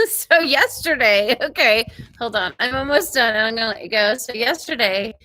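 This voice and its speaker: Bright, animated woman host. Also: fairly high pitch. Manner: animated, quick retelling with acted-out quotes. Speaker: ranch channel host. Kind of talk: live-stream storytelling.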